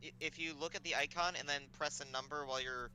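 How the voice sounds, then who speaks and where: A man running a tabletop game online, with a very bright, forceful voice and faint hum behind him. He explains rules patiently and hums and haws while checking notes. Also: a little high, fairly even intonation, fast, low-quality recording. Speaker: game master.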